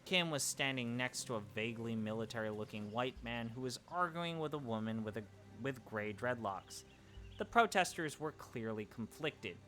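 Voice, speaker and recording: A man's voice: medium pitch, animated, moderate pace, bright, forceful tone. A young man reading a visual novel's narration aloud with casual, swearing asides as a let's play streamer.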